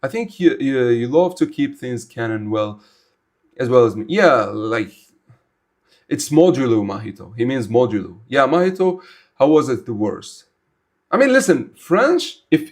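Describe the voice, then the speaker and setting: Animated young man streaming. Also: medium pitch, unhurried. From Algeria. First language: Arabic. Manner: animated, rambling, blunt and informal. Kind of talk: casual livestream chat answering viewers.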